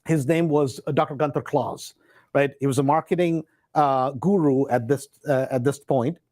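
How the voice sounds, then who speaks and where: A man's voice: medium pitch, normal speed, a little mellow, dry recording. A man hosting a show, telling a personal story in a casual, rambling way with many fillers and acted-out quotes.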